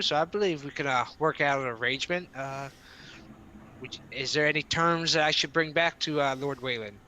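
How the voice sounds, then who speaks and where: A man playing a polite, diplomatic adventurer envoy who talks hesitantly, full of pauses and restarts. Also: fairly high pitch, bright, forceful tone, slight background noise. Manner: hesitant, many uhs and restarts.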